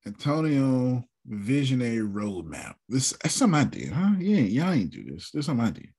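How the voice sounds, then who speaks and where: A man leading a casual work meeting, animated and joking, with a drawling, husky voice. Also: mid-range voice, brisk. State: sore after workouts. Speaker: business owner leading a team meeting.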